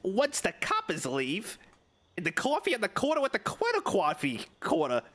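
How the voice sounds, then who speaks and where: A male streamer talks through a video game in a loose, joking way. His pitch jumps around a lot, and he swears when things go wrong. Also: huge pitch swings, moderate pace, fairly bright tone. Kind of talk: casual game commentary.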